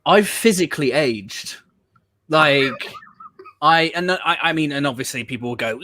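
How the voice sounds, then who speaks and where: A man's voice: a little high, expressive, a little slow, bright, forceful tone, no room sound. Theatrical mock-weary man hosting a stream. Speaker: live stream host. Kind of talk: casual live stream chat.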